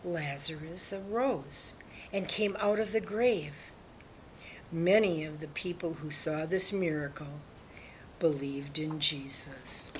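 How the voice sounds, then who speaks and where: A woman reading a Bible story for children in a gentle storytelling manner, giving the quoted lines a little lift. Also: low voice, slight background noise, rough recording. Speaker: Bible lesson reader.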